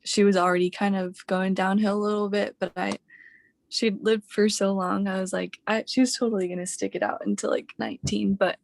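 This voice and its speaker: A woman's voice: medium pitch, flat delivery, a little fast, creaky, no room sound. A young woman in her twenties, a coaching client on a video call, grieving and hesitant, with many fillers.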